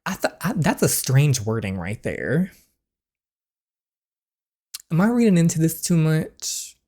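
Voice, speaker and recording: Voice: mid-range voice, big pitch swings, takes it slowly, warm tone. A gaming streamer musing in a casual let's-play style, rambling and filled with "like".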